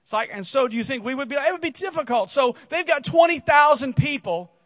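High-voiced man preaching. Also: a little fast, no echo, muffled recording. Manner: animated storytelling with repeated restarts. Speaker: pastor. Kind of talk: casual sermon.

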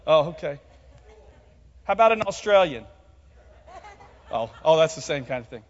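A man's voice: a little high, expressive, moderate pace. A man preaching a sermon as pastor, calling on the congregation to join in and speak. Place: church hall. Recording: muffled sound with long hall reverb.

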